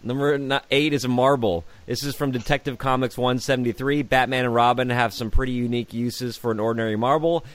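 A man's voice: mid-range voice, steady tone, fast, few pauses, no echo. A man co-hosting a podcast in casual chat, reading through a list and joking along. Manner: reads list items aloud, jokey, laughs often. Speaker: podcast co-host.

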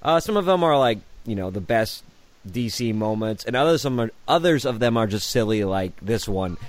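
A man's voice: fairly low pitch, lively intonation, fairly quick. A man co-hosting a podcast in casual chat, reading through a list and joking along. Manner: reads list items aloud, jokey, laughs often. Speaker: podcast co-host.

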